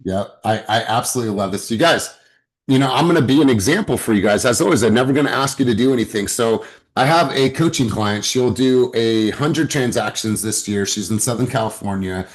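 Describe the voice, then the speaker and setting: A man's voice: mid-range voice, brisk. Emphatic man coaching a sales team. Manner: emphatic, exhorting, profane. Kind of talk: motivational coaching call. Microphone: video call.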